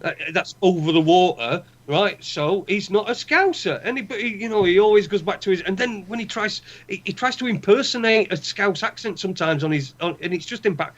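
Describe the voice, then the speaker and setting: A man's voice: high-pitched, fairly quick, hardly any pauses, a bit bright. A man with a Northern English accent co-hosting a podcast, ranting with heavy swearing and strong opinions. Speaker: podcast co-host. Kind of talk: casual chat. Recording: dull lo-fi sound.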